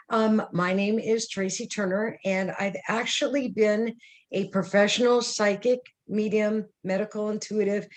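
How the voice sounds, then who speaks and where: An earnest woman in her sixties tells personal stories as a podcast guest. She speaks in a middling pitch, vivid and conversational, with frequent fillers and restarts. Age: 60s. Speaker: guest psychic medium.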